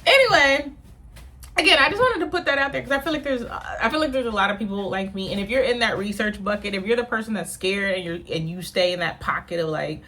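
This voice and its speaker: A woman's voice: medium pitch, quick pace, hardly any pauses, fairly bright tone. A woman comedian talking casually to her camera at home, rambling and self-mocking with frequent laughs. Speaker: stand-up comedian. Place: home in New York without central air.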